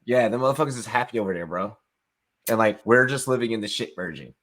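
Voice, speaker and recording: A man's voice: lowish voice, fast talker, a bit bright. A young man co-hosting a podcast, telling a story in casual, profane chat with frequent laughs. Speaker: podcast co-host.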